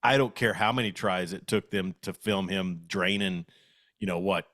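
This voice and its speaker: A man's voice: low voice, normal speed, fairly bright tone, no echo, studio quality. A man co-hosting a casual sports show stream, rambling and correcting himself as he goes. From Western Oklahoma. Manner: rambling, self-correcting, chuckling.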